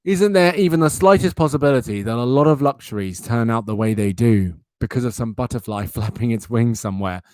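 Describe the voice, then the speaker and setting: A young man hosting a casual live stream, chatting and reacting with loud, silly outbursts. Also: mid-range voice, brisk, few pauses, dry recording, studio quality. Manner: animated, jumps into loud silly exclamations. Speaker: livestream host.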